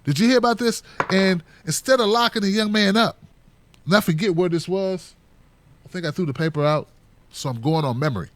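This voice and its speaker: A man's voice: high-pitched, brisk, a bit bright, dry recording. A middle-aged man hosting a casual solo commentary, joking loosely and acting out other people's voices. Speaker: political commentary host.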